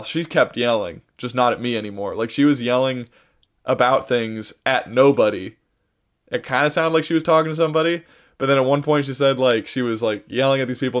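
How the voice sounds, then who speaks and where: A man on a podcast telling a long travel story in casual chat, rambling with many fillers and restarts, sounding tired. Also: medium pitch. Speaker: podcast co-host.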